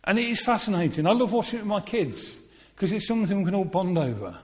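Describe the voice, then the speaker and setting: A man's voice: sits high, big pitch swings, fast talker, darkish tone. A man giving a sermon in a conversational way, asking his listeners rhetorical questions. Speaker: preacher. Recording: long reverb of a large hall.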